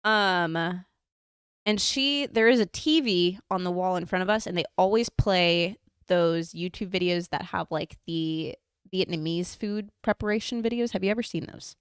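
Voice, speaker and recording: A woman's voice: lowish voice, moderate pace, clean tone, dry recording, clean studio sound. A young woman co-hosting a podcast, telling a story in a rambling casual way, full of "like". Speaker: podcast co-host. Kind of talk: casual chat.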